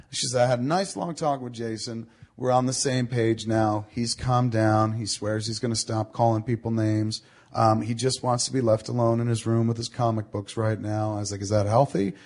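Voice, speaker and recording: A middle-aged man telling a long story in casual talk, swearing freely and acting out the people he quotes. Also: fairly low pitch. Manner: swearing, animated storyteller quoting others. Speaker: podcast host.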